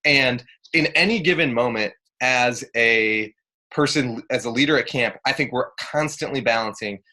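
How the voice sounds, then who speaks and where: A young man with a bright, clear tone talks staff through a camp training in a loose, joking way. He fills gaps with ums and asides, and his pitch sits mid-range. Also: moderate pace. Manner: chatty, joking, many fillers. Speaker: camp director. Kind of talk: casual training talk.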